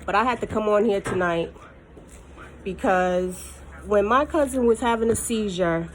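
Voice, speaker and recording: A woman's voice: medium pitch, normal speed, slight background noise. A woman in an angry, emphatic vlog rant, holding back tears as she talks to her viewers. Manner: furious, emphatic, repeating herself. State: close to tears. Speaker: mukbang vlogger.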